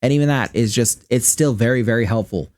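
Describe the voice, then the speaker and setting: A man's voice: medium pitch, fairly quick, a little mellow, no room sound. Profane, rambling Midwestern man streaming. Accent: general American Midwestern. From Michigan, US. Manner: rambling, profane, thinking aloud. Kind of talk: casual gaming stream commentary.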